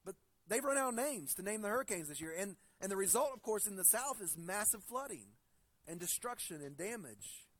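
A male pastor preaching a sermon. He reads scripture slowly and deliberately, then tells stories in a conversational way, often restarting his sentences. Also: high voice, animated, a bit bright, no echo. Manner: conversational storytelling with frequent restarts.

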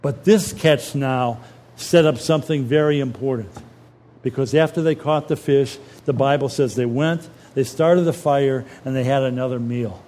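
A man preaching a sermon, retelling scripture in a lively, colloquial storytelling way. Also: medium pitch, moderate pace.

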